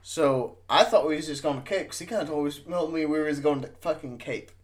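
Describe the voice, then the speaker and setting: Drunk guy rambling a road trip story on a podcast, lots of swearing, slightly high voice. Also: fairly quick. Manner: rambling, profane, animated storyteller. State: drunk and stoned. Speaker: podcast co-host. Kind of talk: casual storytelling chat. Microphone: studio mic.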